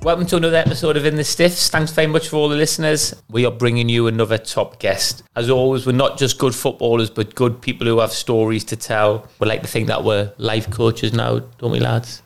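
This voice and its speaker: Fast-talking gravelly podcast host. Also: male voice, medium pitch, fairly even intonation, soft background music. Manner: quick upbeat banter, teasing. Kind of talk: casual chat.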